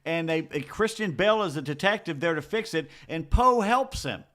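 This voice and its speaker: Brief: male radio co-host, slightly high voice, relaxed jokey banter. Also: moderate pace. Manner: chatty, jokey asides. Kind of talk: casual talk radio banter.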